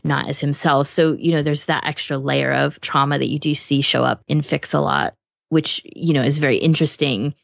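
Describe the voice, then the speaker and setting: A woman's voice: low voice, creaky, dry recording, clean studio sound. A woman co-hosting a podcast in casual chat, rambling with many fillers and frequent laughs. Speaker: podcast co-host reviewing fan audiobooks.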